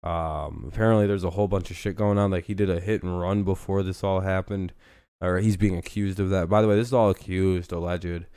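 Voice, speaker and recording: A man's voice: low-pitched, steady tone, a little fast, mellow, clean tone, no room sound, studio quality. A man hosting a casual live football news stream, joking and rambling with plenty of swearing.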